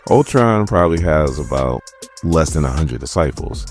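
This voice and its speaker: A man's voice: low-pitched, wildly swooping pitch, moderate pace, a little mellow, faint music behind. A man casually recapping a comic book issue, retelling scenes in a chatty, slangy way. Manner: retells scenes conversationally, mimicking characters' lines with slangy asides.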